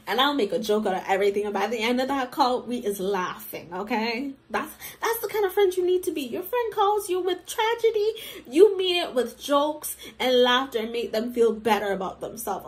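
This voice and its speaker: Woman host, high bright voice that swings widely; chatty, laughs often, plays out friends' lines. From Jamaican heritage. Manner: animated, laughing, acts out friends in quoted voices. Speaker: commentary host. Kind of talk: casual reaction commentary.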